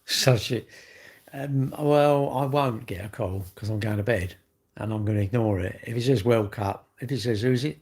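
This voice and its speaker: A man's voice: lowish voice, normal speed, darkish tone. A middle-aged English man chatting casually on his own livestream, rambling and full of tag questions. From England. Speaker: livestream host.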